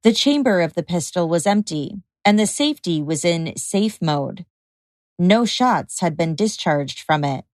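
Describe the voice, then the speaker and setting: A woman hosting a podcast, reading a scripted true-crime narration in a measured, even way. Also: lowish voice, no room sound. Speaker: podcast host.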